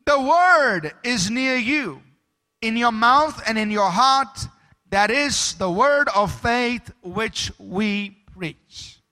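A man's voice: very high voice, animated, slow pace, pushed and bright. A man preaching a sermon as pastor, emphatic, stopping to ask the congregation for amens.

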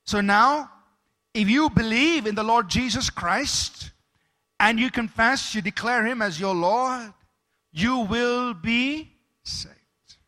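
A man's voice: very high-pitched, slow, sharp tone. A man preaching a sermon as pastor, emphatic, stopping to ask the congregation for amens.

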